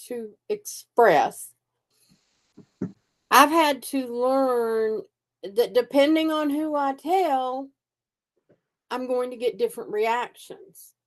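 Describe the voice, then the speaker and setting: A woman co-hosting a casual podcast, thinking aloud in a reflective way, often restarting her sentences. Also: on the high side. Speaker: podcast co-host. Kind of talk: casual conversational podcast chat.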